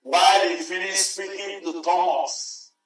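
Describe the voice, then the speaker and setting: A man preaching a sermon, emphatic and repeating his phrases, sometimes rising to a shout. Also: sits high, fairly even intonation, unhurried. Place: large church hall. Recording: very echoey church hall, mic far off, faint music.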